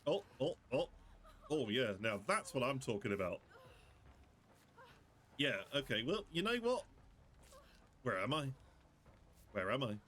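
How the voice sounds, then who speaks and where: A British man streaming a game, chatting casually and joking, often jumping up into high squeals. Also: sing-song, a little slow, pauses often, fairly bright tone. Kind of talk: casual gameplay commentary.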